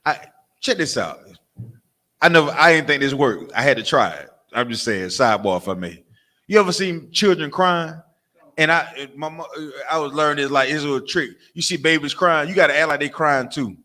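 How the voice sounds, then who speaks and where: Brief: male preacher, somewhat high voice, tense and forceful, profane and animated sermon full of rhetorical questions. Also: normal speed. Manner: animated, mimics crying and barking for laughs. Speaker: preacher of a religious camp. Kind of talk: fiery street-style sermon.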